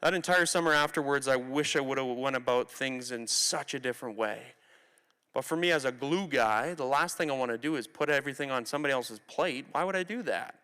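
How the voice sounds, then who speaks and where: A man's voice: medium pitch, brisk, pushed and bright, clear, resonant tone. A Canadian man in his twenties giving a candid personal story talk to students from a theatre stage, speaking conversationally and acting out quotes. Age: 20s. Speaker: motivational speaker. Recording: reverberant hall recording.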